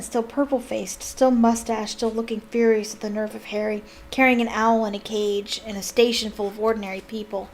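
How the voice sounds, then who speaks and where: A woman reading a novel aloud for online viewers, breaking off into animated, exclaiming asides. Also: a little high, a little hiss or hum. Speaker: YouTube reader.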